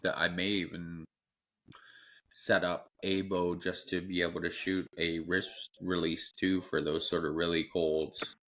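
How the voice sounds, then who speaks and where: A man from Canada with a very deep voice, talking gear with friends on a podcast. He muses out loud, stretches his phrases and swears casually. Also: flat delivery. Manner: drawn-out, thinking aloud, casual swearing. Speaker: podcast co-host. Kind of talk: casual chat.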